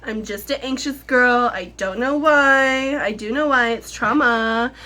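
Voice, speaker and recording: A woman's voice: on the high side, measured pace, sharp tone. Chatty, nervous young woman vlogging. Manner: chatty, self-deprecating, swears casually. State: nervous before a job interview. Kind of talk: casual vlog chat to camera. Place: at home.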